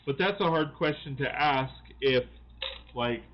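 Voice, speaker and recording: A chatty American man hosts a casual live stream, rambling through his thoughts with constant restarts and fillers. His voice sits at an ordinary middle pitch. The audio is a little dull and lo-fi. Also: a little slow, slight background noise. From United States. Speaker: channel host.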